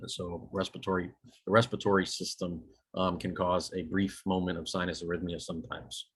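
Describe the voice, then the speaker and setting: A man's voice: low voice, flat delivery, brisk, breathy edge. A man teaching a recorded lecture over a shared screen, casual and self-correcting, often checking in with "okay?" and dropping dry jokes. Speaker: EMS instructor.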